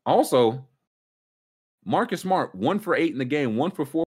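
A man hosting a casual sports talk show, ranting emphatically with sudden jumps up in pitch. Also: lively intonation, normal speed, slightly rough. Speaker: sports podcast host.

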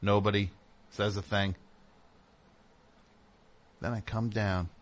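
A middle-aged man hosting a show, telling a casual story and acting out the people in it with sudden loud outbursts. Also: lowish voice, takes it slowly. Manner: animated, acts out voices with loud outbursts. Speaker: host.

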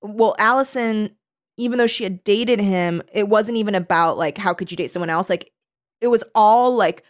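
A woman's voice: mid-range voice, normal speed. A woman co-hosting a podcast, chatting enthusiastically about a book. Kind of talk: casual book discussion.

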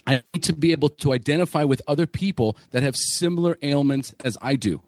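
A man's voice: on the high side, fast talker, a little mellow, no room sound. A man hosting a podcast on a remote call, joking, swearing and poking fun at himself. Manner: joking, profane, self-deprecating. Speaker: podcast host. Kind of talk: casual podcast chat.

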